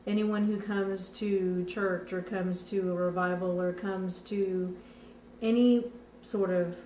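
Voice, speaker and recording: A soft-spoken woman talking about music and the soul. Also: medium pitch, fairly even intonation, takes it slowly, slight background noise. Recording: roomy with faint ambience.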